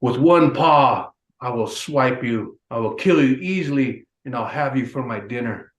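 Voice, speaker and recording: A man voicing a huge, proud male grizzly bear in a spoken folk tale, booming and slow, with a roomy echo. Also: lively intonation, natural voice. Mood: menacing.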